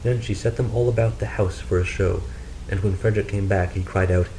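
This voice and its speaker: A man narrating a fairy tale in a steady, measured storybook reading. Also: lowish voice, a little hiss or hum, poor audio.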